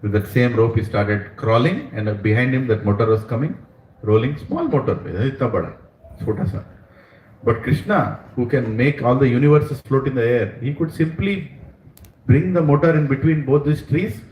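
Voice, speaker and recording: A man telling a devotional story to a gathering, animated and dramatizing, dropping in phrases of Hindi. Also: medium pitch, moderate pace. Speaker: spiritual storyteller. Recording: roomy hall, distant mic, faint noise.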